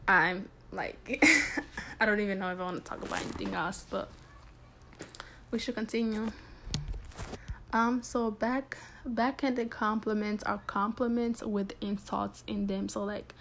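A young woman with a mid-range voice hosts a podcast solo, talking candidly and chattily with many restarts and plenty of "like." There's a slight hiss or hum.

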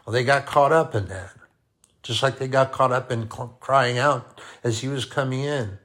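A man preaching a sermon, deliberate and repeating key phrases for emphasis. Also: mid-range voice, fairly bright tone.

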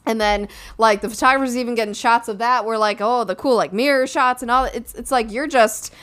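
A young woman with a fairly high, fairly bright voice talks a little fast in a casual chat. She's a podcast co-host and recent bride, telling a story packed with filler words and addressing her listeners directly.

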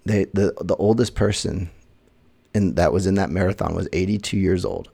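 A man hosting a podcast, telling a personal story in an earnest, halting way, often restarting his sentences and speaking with quiet emotion about faith. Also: sits low, gravelly, slightly rough. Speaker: podcast host.

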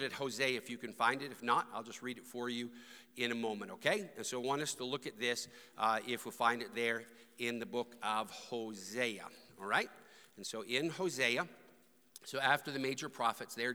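Male pastor, very bright cutting tone, fervent sermon delivery, big reverberant church sound. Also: medium pitch. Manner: preaching with rising fervor, calling for amens. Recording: long hall reverb.

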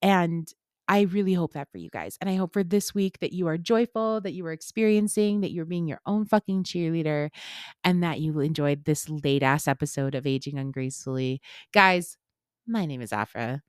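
A woman's voice: low-pitched, fairly quick, a little mellow, clear, resonant tone, dry recording, studio quality. A woman in her thirties hosting a solo podcast, talking bluntly with plenty of swearing as she gives an impassioned pep talk. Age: 30s. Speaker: podcast host.

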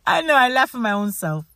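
Woman podcast host, animated casual rant, slightly high pitch, dry recording. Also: vocal fry, dry recording. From United States. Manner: animated ranting, laughs at herself. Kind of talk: casual chat.

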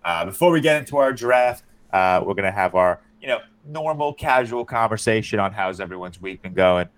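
Low-voiced man hosting a casual podcast. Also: brisk, smooth. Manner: relaxed, steering the talk. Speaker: podcast host. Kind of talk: casual chat.

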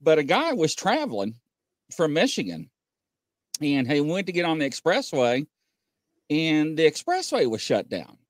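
A man's voice: a little high, wildly swooping pitch, moderate pace, pauses often, no room sound, clean studio sound. A man hosting a live call-in show, chatting casually and telling stories in a rambling way full of fillers and restarts. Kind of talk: casual live-stream chat.

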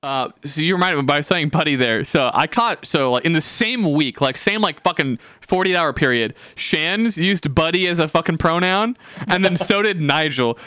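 A young man co-hosting a podcast, telling stories in casual chat, animated and swearing freely, acting out the people he quotes. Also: a little high, normal speed, dry recording. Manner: swears a lot, animated storytelling with quoted voices. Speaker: podcast co-host.

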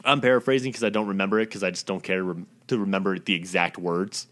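A man's voice: deep voice, steady tone, quick pace, a bit bright. A man delivering a profane, blunt, exasperated ranting monologue as the host of his own recording.

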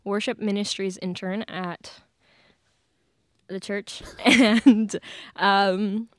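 A woman's voice: medium pitch, steady tone, very slow, a bit bright, no echo. A woman in her late teens, a podcast guest, chatting casually with lots of fillers and laughs. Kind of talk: casual chat. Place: church studio.

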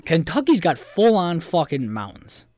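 A man's voice: fairly high pitch, wildly swooping pitch, normal speed, darkish tone, no room sound, studio quality. A young man in casual chat, brash and insistent, swearing a lot.

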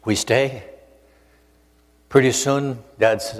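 Older man telling a lively sermon story. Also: mid-range voice, unhurried. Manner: animated storyteller, acts out voices, jokes with audience. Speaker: preacher. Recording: long hall reverb.

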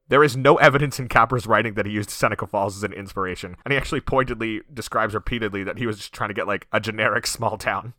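A man co-hosting a podcast, chatting casually about an old film and retelling its plot with quick joking asides. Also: fairly low pitch, bright, forceful tone, dry recording, studio quality. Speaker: podcast co-host.

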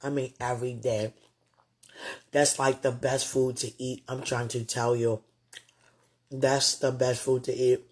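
Soft-spoken husky man musing late at night. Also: medium pitch, level tone, a little slow, long pauses. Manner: rambling and tender, full of "you know". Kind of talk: late-night heartfelt faith talk.

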